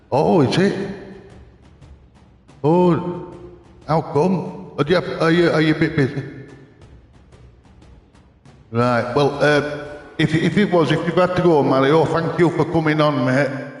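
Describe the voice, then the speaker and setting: An older man, chatting casually and rambling with a chuckle as he streams a racing game from his home rig. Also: fairly high pitch. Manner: rambling, chuckling, self-mocking. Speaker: gaming streamer. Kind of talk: casual live-stream chat while playing a racing game. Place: home gaming rig in a makeshift cardboard box. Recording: echoey room with long reverb.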